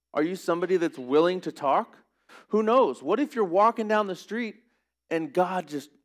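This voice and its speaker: A man preaching a sermon as pastor, earnest and rising to emphatic questions. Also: on the high side.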